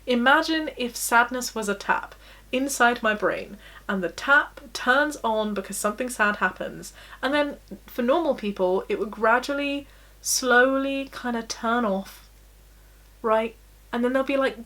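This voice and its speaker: A young woman talks straight to the camera from her bedroom in a personal, confessional vlog. Her voice sits a little on the high side. She is candid and self-deprecating, and she laughs often as she talks. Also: fairly bright tone. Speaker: vlogger.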